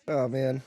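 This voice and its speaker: A man co-hosting a podcast, reacting excitedly to a film as it plays in a commentary track and laughing often. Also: mid-range voice, no room sound, studio quality. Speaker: podcast co-host.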